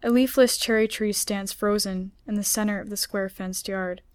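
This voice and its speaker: A woman author reading her own story aloud in a measured, unhurried way. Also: mid-range voice, fairly even intonation, clear, resonant tone, no echo. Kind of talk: literary reading.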